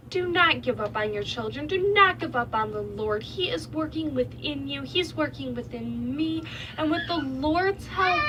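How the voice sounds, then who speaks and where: A woman's voice: sits high, noisy background. A young mother of five sharing a heartfelt, faith-filled vlog from her bedroom, talking earnestly and with emotion. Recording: voice slightly distant from mic.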